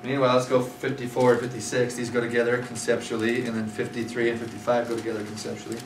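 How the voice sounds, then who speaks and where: A man with a mid-range voice and flat delivery teaches a scripture class at a quick pace, recounting the history conversationally with lots of fillers. The mic is far from him, so the sound is roomy, distant, and noisy.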